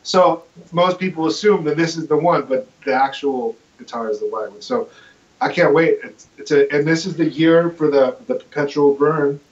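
Enthusiastic man, slightly high voice, lo-fi sound. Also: moderate pace. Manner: enthusiastic, rambling, self-correcting. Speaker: guest. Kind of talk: casual storytelling chat.

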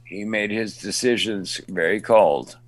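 A man, an actor being interviewed, telling animated anecdotes with many restarts and acting out the people he meets. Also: lowish voice, measured pace, no echo. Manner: animated storyteller, acts out fans, stammering restarts. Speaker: actor guest. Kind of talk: casual interview storytelling.

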